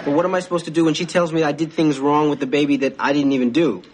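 Young guy as a confused new dad in a sitcom, earnest, a bit high, hiss on the track. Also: steady tone, rapid-fire. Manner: earnest, bewildered.

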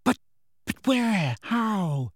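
A man's voice: on the high side, lively intonation, normal speed, darkish tone, no echo, clean studio sound, pitched above the performer's own voice. A man voicing a frightened, bookish teenage witch who pleads and reasons, in an audiobook reading. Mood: anxious, reasoning.

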